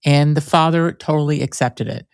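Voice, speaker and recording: A man's voice: a little high, normal speed, gravelly, clean tone, no echo, studio quality. A man hosting his own podcast alone, telling stories in a rambling, conversational way full of "like" fillers. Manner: rambling storyteller, frequent "like" fillers. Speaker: podcast host. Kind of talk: solo conversational podcast talk.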